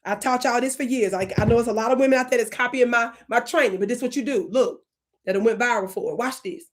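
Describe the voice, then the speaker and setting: Sex: woman. Role: channel host. Style: comedic livestream coaching. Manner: animated, playful, swings into whispers. Pitch: fairly high. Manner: animated and playful, with sudden whispers and drawn-out words.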